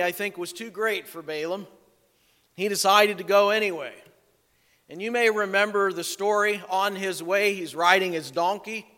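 A male pastor preaching a sermon, telling a scripture story in a folksy way with little jokes and asides. His voice sits high for a man. A long reverb of a church hall follows every phrase. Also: a bit bright.

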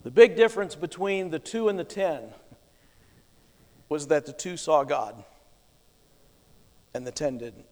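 A male pastor preaching a sermon with emphatic delivery, swinging between soft and loud. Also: a little high, a little slow, pauses often, long reverb tail.

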